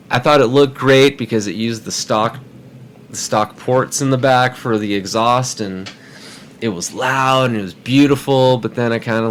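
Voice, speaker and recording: A man's voice: medium pitch, fairly bright tone, a little hiss or hum. A man telling a story casually on a podcast, rambling and repeating words as he goes.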